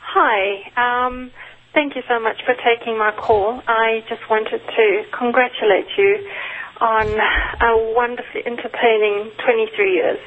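A woman's voice: fairly high pitch, fairly even intonation, unhurried, a little hiss or hum. South African woman on a phone line. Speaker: caller. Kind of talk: call-in conversation.

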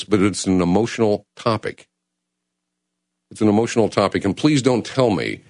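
A man hosting a call-in talk radio show, speaking with urgent, emotional passion that swings between loud and hushed. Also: fairly low pitch, expressive, moderate pace, no room sound, studio quality. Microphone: studio mic.

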